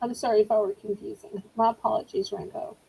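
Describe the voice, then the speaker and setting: A woman's voice: medium pitch, level tone, fast talker, gravelly, dark tone, husky, rough recording. A middle-aged woman hosting a live online auction, chatting in a rambling, apologetic way. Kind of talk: live-stream selling chat.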